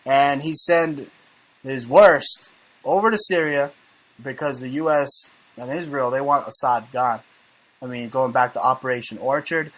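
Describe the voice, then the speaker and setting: A man's voice: mid-range voice, measured pace, fairly bright tone. A man hosting a casual talk show, brash and profane, joking and mocking as he reads the news. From United States. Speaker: show host.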